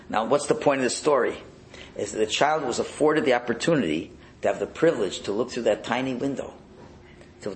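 A man delivers a storytelling sermon, animated and vivid, slipping into the voices of the people in his tales. His voice sits at a middle pitch with a gravelly rasp. A faint hiss of noise lies under the recording. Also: rough recording. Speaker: rabbi teaching a Torah lesson.

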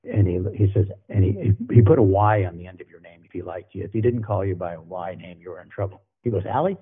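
A man's voice: low-pitched, fast talker, husky. An older man, a former football coach, telling anecdotes in a folksy way, often repeating himself as he goes. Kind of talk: storytelling guest on a podcast. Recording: phone-like narrow sound.

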